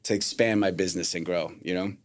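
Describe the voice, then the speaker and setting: A man's voice: deep voice, steady tone, fast. A man, a painter and contractor, telling rambling anecdotes in casual chat and acting out the voices he quotes.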